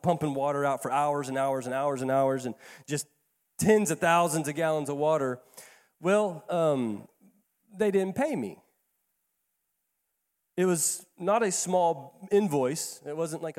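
A man with a fairly high voice tells a sermon story in a folksy, chatty way. He often stumbles and repeats words as he goes. His voice carries a long echo, as in a church hall. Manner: conversational, folksy, repeats words when excited. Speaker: pastor. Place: church sanctuary.

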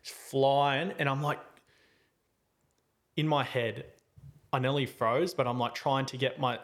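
A man hosting a podcast, telling a story in a casual, animated way and acting out his own lines. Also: medium pitch, unhurried. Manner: animated, acts out his own quotes loudly. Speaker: podcast host.

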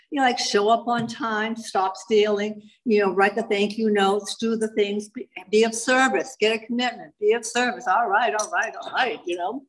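An older woman speaks at a recovery meeting, giving her personal testimony. She tells it in a lively, animated way, repeating key phrases for weight. Her voice sits at an ordinary middle pitch. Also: moderate pace, low-quality recording.

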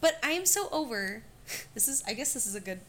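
A woman's voice: on the high side, a little fast. A young woman co-hosting a podcast, chatting casually and rambling with lots of fillers. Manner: rambling, filler-heavy, animated. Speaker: podcast co-host. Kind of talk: casual chat.

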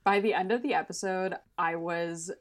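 Podcast co-host, woman, chatty and blunt, swears, fairly low voice. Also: moderate pace. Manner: animated, swears freely, laughs often. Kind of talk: casual chat.

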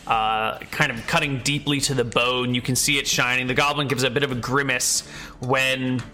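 Bright-voiced man narrating a tabletop game. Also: mid-range voice, level tone, moderate pace, soft background music. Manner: casual, filler-heavy narration. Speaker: game master.

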